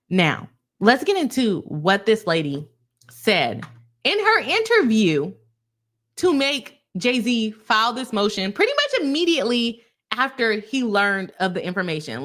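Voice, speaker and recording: A young woman hosts a live-stream of legal commentary, talking straight to her viewers. Her delivery is animated and heated, and she calls the audience "y'all". Her voice sits at an ordinary pitch for a woman. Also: a little slow. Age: young adult.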